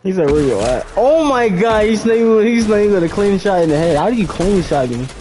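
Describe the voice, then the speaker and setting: A man's voice: high-pitched, fast, darkish tone, a little hiss or hum. A man in a casual gaming voice chat who teases his teammates by mimicking and repeating what they say. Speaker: gamer in voice chat.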